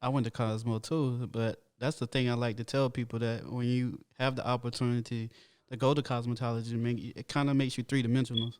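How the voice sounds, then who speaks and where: Laid-back co-host with a smooth voice. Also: male voice, mid-range voice, little pitch movement, fairly quick, darkish tone. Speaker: podcast co-host. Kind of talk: casual podcast chat.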